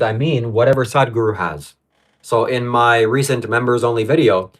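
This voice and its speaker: Broadcasting live from his home, a man reads viewer comments aloud and rants about them in frustration. His voice sits on the low side with a fairly bright tone.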